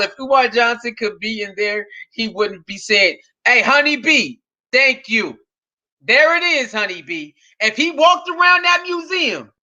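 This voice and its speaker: A man's voice: extremely high pitch, bright, forceful tone, dull audio. A man hosting a live stream, giving casual reaction commentary and reading chat aloud, laughing often and repeating his phrases.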